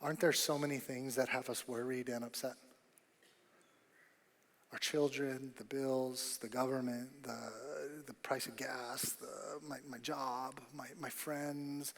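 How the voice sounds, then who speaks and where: A man preaching a sermon as pastor, emphatic and repetitive, rising to loud bursts on key points. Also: medium pitch, fairly even intonation, slow pace, in a large hall. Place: church auditorium.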